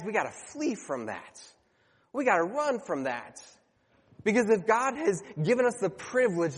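A man's voice: high-pitched, big-room sound. A man preaching a sermon to his congregation, earnest and conversational, sometimes stumbling and correcting himself.

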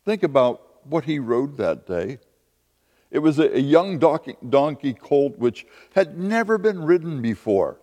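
A man's voice: on the high side, sing-song, a little slow, a little mellow, long reverb tail. A man preaching a sermon as a pastor, with emphatic, repeated lines.

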